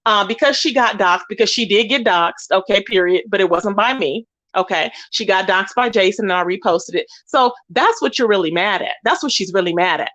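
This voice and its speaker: A woman's voice: medium pitch, fairly quick, hardly any pauses, a bit bright. A woman hosting a livestream, ranting indignantly and emphatically while greeting chat viewers. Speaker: livestream host. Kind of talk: heated livestream rant.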